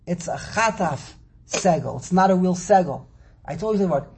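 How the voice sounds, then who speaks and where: A man teaching a Torah class, lecturing slowly and animatedly, teasing his students and repeating words as he thinks. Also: sits high, lively intonation, vocal fry, darkish tone, slightly rough. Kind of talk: classroom lecture on Hebrew grammar and verses.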